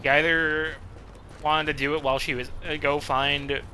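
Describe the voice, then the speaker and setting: A man's voice: a little high, level tone, normal speed, bright, forceful tone, a little hiss or hum. A young man casually commenting while he plays a game, swearing often and laughing at his own jokes. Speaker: streamer playing a game.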